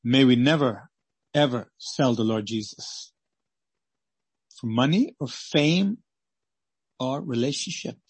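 A man preaching a sermon and reading scripture aloud, swinging between loud exclamations and hushed pleading. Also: mid-range voice, takes it slowly, long pauses, slightly rough, no room sound.

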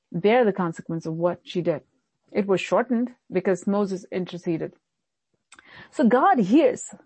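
A woman pastor delivering a sermon in an earnest preaching manner, often dropping low and soft to stress a point. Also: husky, dry recording.

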